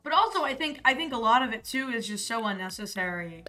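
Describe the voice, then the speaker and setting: A woman's voice: a little high, lively intonation, fast talker, bright, forceful tone. A young American woman streaming, chatting casually in a rambling, profane way with lots of fillers. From United States. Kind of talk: casual live-stream chat. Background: faint music.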